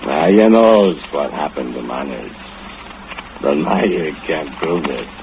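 An actor playing a drunken, murderous foundry laborer who speaks in broken English and gloats with low chuckles, in an old-time radio drama. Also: male voice, animated, slow pace, creaky, background noise, full character voice. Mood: gloating. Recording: muffled old radio recording with music.

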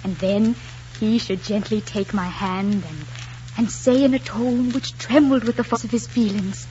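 A woman's voice: mid-range voice, unhurried, mellow, natural voice. An actress playing a spirited young woman in love, lilting and playful in 1940s radio acting style. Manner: lilting, playful, then defiant. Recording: dull old radio recording, faint hiss.

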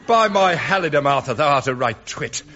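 A man's voice: on the high side, expressive, a little fast. A man doing a pompous mock-Shakespearean voice. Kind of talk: radio comedy sketch. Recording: dull radio recording with loud audience laughter.

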